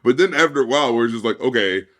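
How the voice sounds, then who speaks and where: A man co-hosting a podcast in casual chat, animated and laughing often as he talks a film through. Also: mid-range voice, rapid-fire. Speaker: podcast host.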